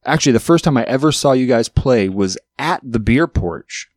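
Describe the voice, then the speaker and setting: A man in his late thirties hosting a podcast, telling rambling self-mocking stories with sudden jumps in pitch. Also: expressive, moderate pace, darkish tone, no room sound, studio quality. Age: 30s. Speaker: podcast host. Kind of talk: casual chat. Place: studio.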